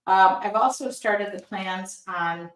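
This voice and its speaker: A woman's voice: mid-range voice, takes it slowly, far from the mic. A woman hosting a live art demo, chatting casually and reading viewer comments aloud as she paints. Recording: roomy sound, voice somewhat off-mic.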